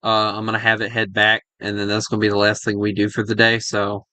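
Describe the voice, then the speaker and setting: Bright-voiced joking man. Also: fairly low pitch, monotone, quick pace, no room sound. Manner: joking, slips into mock accents. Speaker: gaming channel host. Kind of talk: casual gameplay chat.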